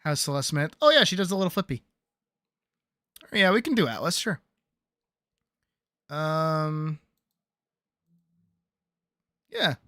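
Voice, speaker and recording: A man chatting casually on a game stream, relaxed and talkative, answering chat and laughing often. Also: on the high side, measured pace, pauses often, dry recording, studio quality.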